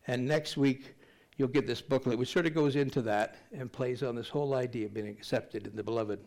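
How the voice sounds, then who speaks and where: A man's voice: mid-range voice, fairly quick, vocal fry, a little mellow. Older male pastor, chatty storyteller. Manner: conversational storyteller with rambling asides and self-deprecating humor. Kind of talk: sermon with scripture reading.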